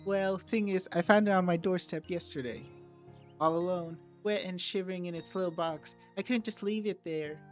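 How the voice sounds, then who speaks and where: A man voicing a sweet, cheerful teenage girl who talks softly and eagerly. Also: sits high, steady tone, normal speed, pitched above the performer's own voice, close to an everyday voice. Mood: tender. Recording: slightly dull with soft music.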